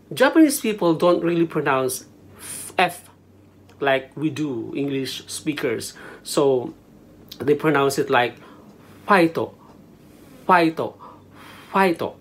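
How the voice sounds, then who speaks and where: Casting: tutor, unhurried and lively in pitch, switches between Tagalog and English. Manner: mixes Tagalog and English, spells words letter by letter. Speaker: language teacher. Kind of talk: casual language lesson. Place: small room at home.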